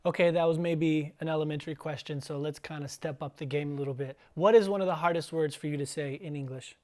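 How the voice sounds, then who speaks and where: A man's voice: on the high side, fairly even intonation, darkish tone. Playful chatty man hosting a podcast. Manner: playful, chatty, sounds out words slowly. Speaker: teacher and podcast host. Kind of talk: casual interview.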